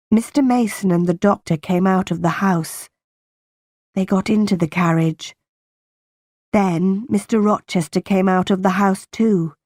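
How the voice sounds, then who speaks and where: A woman narrates a graded reader at a very unhurried pace, each word set apart for learners. Her voice sits a little low and is recorded close with no room sound. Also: dark tone, no echo. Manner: slow, careful, clearly spaced reading for learners. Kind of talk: slow graded-reader storytelling.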